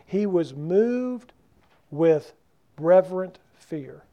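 Man preaching, high mellow voice, folksy, questions the pews, lo-fi recording. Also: animated, slow. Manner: conversational, asks the congregation questions. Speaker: pastor. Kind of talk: sermon. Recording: dull lo-fi sound.

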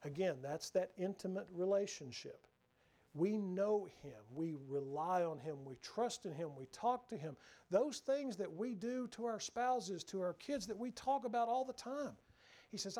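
A man preaching a sermon, earnest, swinging from raised emphasis down to hushed, near-whispered lines. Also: high voice, animated, a little slow.

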